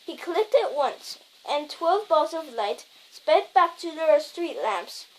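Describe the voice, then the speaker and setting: A woman's voice: high-pitched, sing-song, slow pace, low-quality recording. A woman reading a novel aloud, stumbling over words and correcting herself as she goes. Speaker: reader.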